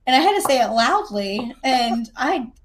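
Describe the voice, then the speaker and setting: A woman's voice: fairly high pitch, big pitch swings, normal speed. A woman from the American South, hosting a podcast and telling a chatty, self-deprecating story. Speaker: podcast host. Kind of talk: casual chat.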